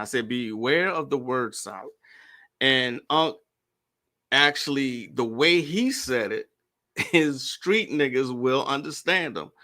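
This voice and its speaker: A man with a bright, slightly high voice talks to his viewers at a very slow, deliberate pace. He keeps his words plain and repeats his points, often checking in with his viewers. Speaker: commentator. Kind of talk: casual commentary vlog.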